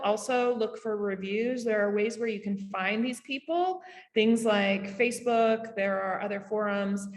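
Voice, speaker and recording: A woman with a Canadian accent gives a casual summit talk over a video call, with quick asides and lots of fillers. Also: a little high, big-room sound. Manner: chatty, rapid asides, frequent fillers. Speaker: summit speaker on short-term rentals. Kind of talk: casual presentation.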